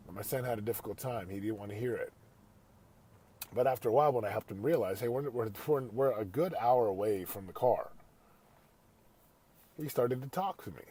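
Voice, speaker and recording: A man's voice: lowish voice, a little fast, long pauses, warm tone, a little hiss or hum. A man hosting a motivational podcast, telling a family story in an earnest, conversational way and turning it into a pep talk. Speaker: podcast host; father.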